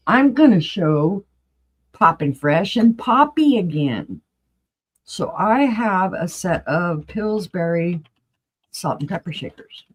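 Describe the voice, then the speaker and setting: A woman selling vintage items on a live stream, chatty and excited as she describes each piece. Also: on the low side, slightly rough. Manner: excited, chatty, rattles off item details. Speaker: vintage seller. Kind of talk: live-stream sales pitch.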